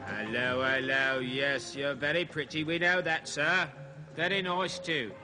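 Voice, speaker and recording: A man's voice: on the high side, fairly even intonation, measured pace, close to an everyday voice. An actor playing a jolly male explorer narrating his animal film, chatty and marvelling as he talks to the lizards. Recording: music playing under old TV film.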